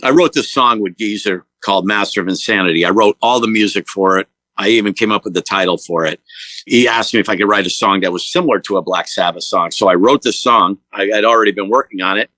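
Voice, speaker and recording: A man telling a story as a guitarist guest, animated and rambling as he retells old conversations. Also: fairly low pitch, fast talker, no echo, low-quality recording. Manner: loose and rambling, with fillers and restarts.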